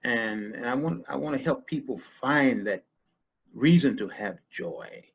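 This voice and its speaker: A man's voice: medium pitch, animated, measured pace, creaky, a bit bright, husky, muffled recording. A man guest on a podcast talking casually and reflectively, often repeating words as he gathers his thoughts. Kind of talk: casual conversation.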